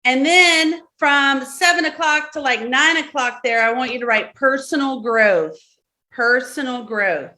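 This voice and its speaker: A woman's voice: high-pitched, unhurried, pushed and bright. A woman with a Southern accent leading a live-streamed workshop, giving step-by-step instructions, repeating key words and checking in often. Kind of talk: instructional talk to a live audience.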